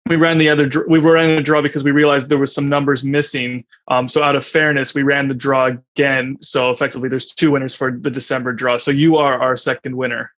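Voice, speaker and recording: A man's voice: mid-range voice, level tone, a little fast, few pauses, a bit bright, muffled recording. A man co-hosting a casual podcast, hesitant and full of ums and restarts. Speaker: podcast co-host.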